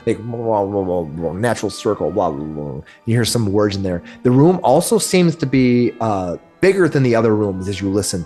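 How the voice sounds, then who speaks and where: A man's voice: fairly low pitch, a little mellow. A man narrating as game master of a tabletop game, often restarting and correcting himself mid-sentence. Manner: rambling, self-correcting narration.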